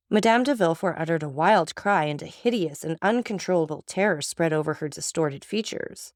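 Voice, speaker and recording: A woman narrating a classic novel in a measured, dramatic audiobook reading. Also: low voice, no echo, studio quality.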